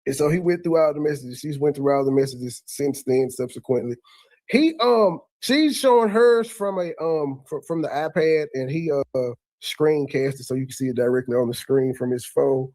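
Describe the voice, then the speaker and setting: A man's voice: medium pitch, moderate pace, dark tone, no room sound. A man hosting and recapping a heated online panel, arguing point by point with frequent stammers and restarts. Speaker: host recapping a livestream. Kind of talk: casual commentary.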